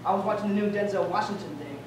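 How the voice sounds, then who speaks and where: A man's voice: sits high, rapid-fire, background noise. Young male comic, loose and self-amused. Distant recording, audience murmur behind. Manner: rambling, self-amused storytelling. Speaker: stand-up comedian. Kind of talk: stand-up comedy. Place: college stage venue. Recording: echoey hall, recorded from far off. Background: audience ambience.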